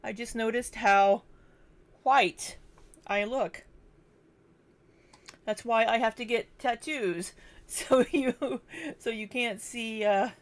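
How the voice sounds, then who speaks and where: A young woman hosts a casual livestream from her home kitchen, chatting, reading super chats and greeting viewers by name aloud in a chatty, distracted way. Her voice is on the high side with fairly even intonation, and she takes it slowly with long pauses.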